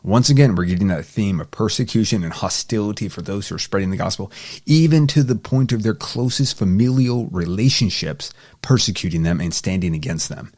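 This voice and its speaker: In a low, slightly mellow voice, a man leads a casual Bible study at a brisk clip. He reads verses aloud, then puts them into everyday language.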